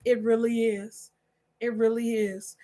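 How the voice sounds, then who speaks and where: A woman's voice: fairly high pitch, little pitch movement, measured pace, dark tone. A woman hosting a live-streamed relationship advice talk, reading viewer comments and preaching emphatically with lots of repetition. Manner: emphatic and preachy, with repeated phrases. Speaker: host of a relationship talk channel.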